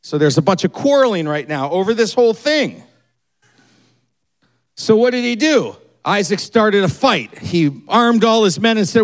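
A man preaching a sermon, retelling a story and acting out its people with quick changes in his voice. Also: sits high. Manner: animated, acts out the people in the story with quick shifts in voice. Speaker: pastor.

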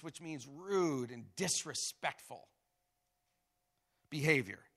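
A man preaching a sermon, reading scripture aloud with dramatic emphasis and animated asides. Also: fairly high pitch, a little slow, creaky, pauses often. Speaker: pastor.

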